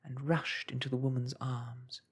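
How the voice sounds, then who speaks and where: Slow, husky whispering male storyteller. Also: medium pitch, flat delivery. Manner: slow, hushed, soothing reading.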